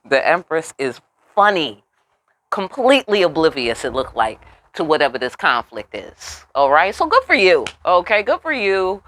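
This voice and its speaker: A woman giving a casual tarot reading, animated and profane with chatty asides. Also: low-pitched, normal speed, no echo. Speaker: tarot reader.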